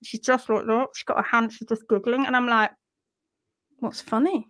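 A woman telling a funny story on a live stream, animated and self-mocking, laughing often. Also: on the high side, a little fast. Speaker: host of a live horse-care session.

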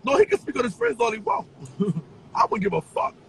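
A man ranting on a livestream in a taunting, profane way, with sing-song chants and bursts of shouting. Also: very high-pitched, huge pitch swings, a little fast, creaky, a little hiss or hum, poor audio. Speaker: social media personality.

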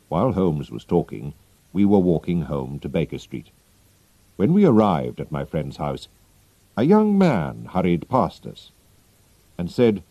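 A man reads a story aloud at a slow, careful pace, his pitch rising and falling lively. His voice is low and mellow, and the audio is dull and dry. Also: no room sound. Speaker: narrator. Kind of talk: slow, clear graded-reader narration.

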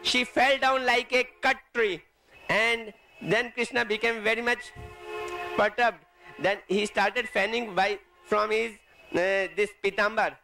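A man, translating a devotional talk into as he retells a sacred story, often halting and rephrasing mid-sentence. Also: high voice, fairly even intonation, gravelly, pushed and bright, faint music behind, low-quality recording.

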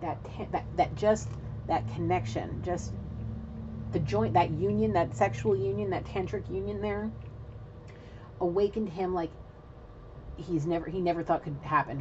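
A woman with a fairly low voice gives an intuitive spiritual reading, rambling casually and excitably, speaking directly to her viewers and swearing now and then. The recording is lo-fi, with a bit of hiss or hum.

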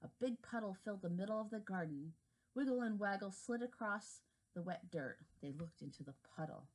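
Brief: lively preschool teacher, storytime narration, pitch swinging up and down, mid-range voice. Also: female voice, brisk. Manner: expressive, animated reading for young children. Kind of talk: storybook read-aloud.

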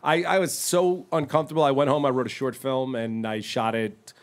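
A man's voice: mid-range voice, fairly quick. A man co-hosting a podcast, telling stories in casual chat and laughing often as he goes. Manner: laughing, excitable storyteller. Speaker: podcast co-host.

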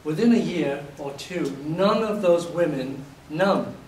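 A man from England lectures a class, his somewhat raised voice slightly hoarse as he acts out his examples with lively storytelling. He is picked up from a distance in a reverberant hall, with a faint hum of room noise underneath. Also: on the high side, slow. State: voice a little hoarse. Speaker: university lecturer.

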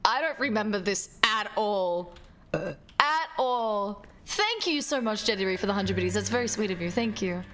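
A woman's voice: medium pitch, animated, moderate pace, fairly bright tone, a little hiss or hum. A woman streaming a game live, chatting casually, swearing freely and singing along in bursts. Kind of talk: casual livestream chat while gaming. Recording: music playing under the voice.

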